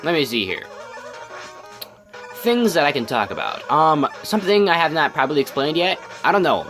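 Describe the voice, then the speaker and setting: A man's voice: fairly high pitch, sing-song, normal speed, fairly bright tone, faint music behind. A young man giving casual gameplay commentary, rambling with many ums and restarts, his voice scratchy from just waking up. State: just woke up, scratchy morning voice. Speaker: let's play host.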